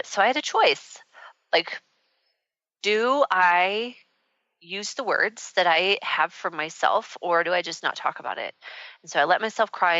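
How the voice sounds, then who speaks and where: A woman's voice: fairly low pitch, sharp tone, no echo. A woman hosting a radio talk show, telling a personal story in a rambling, candid way with many fillers. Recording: dull, muffled radio audio.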